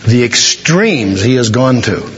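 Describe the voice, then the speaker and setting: Preacher guy telling a story then slowing way down to make his point, faint room noise. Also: mid-range voice, sing-song, fairly bright tone. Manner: storytelling, dramatic slowdowns for emphasis. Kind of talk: sermon with a told joke. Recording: dull, reverberant hall recording.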